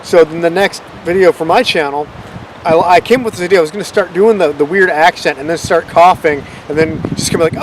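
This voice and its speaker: A man's voice: a little high, fast, slight background noise, poor audio. A man hosting his own channel, rambling in a casual, self-deprecating way about how his videos came about. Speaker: channel host. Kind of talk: casual unscripted vlog rambling.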